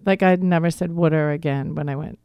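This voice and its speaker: A woman's voice: low voice, a little fast, creaky, mellow, clear, resonant tone, dry recording. Philadelphia woman with a Boston tinge. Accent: Philadelphia with some Boston. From Philadelphia area. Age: middle-aged. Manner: rambling, friendly storytelling. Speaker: guest, divorce coach. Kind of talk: radio interview. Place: radio studio.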